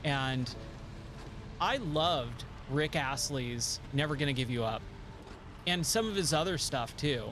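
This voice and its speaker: Laid-back, slow-talking male streamer. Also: mid-range voice, lively intonation, noisy background. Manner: laid-back, chatty, laughs often. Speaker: game streamer. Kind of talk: casual live-stream chat.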